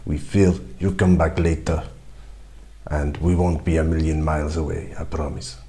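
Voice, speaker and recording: A man's voice: flat delivery, normal speed, mellow. A man voicing a sly male starship crewman who bargains over a price. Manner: low, bargaining.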